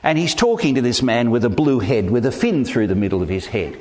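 A middle-aged man, preaching a sermon in an animated, emphatic way with self-deprecating humour. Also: medium pitch, brisk. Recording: reverberant hall.

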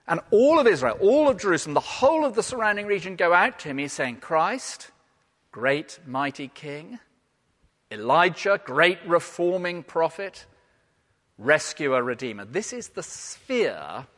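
Male preacher with a higher voice, animated and emphatic, recorded in a big echoing church. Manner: animated, emphatic, shifts between loud and hushed. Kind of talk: sermon. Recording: long hall reverb.

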